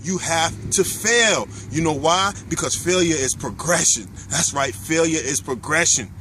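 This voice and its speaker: Motivational host, man, fairly high voice, preachy and repetitive, faint street noise behind. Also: measured pace, pushed and bright. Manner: preachy, emphatic, repeats key lines. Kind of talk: motivational talk to camera. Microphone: camera mic, filmed by his wife.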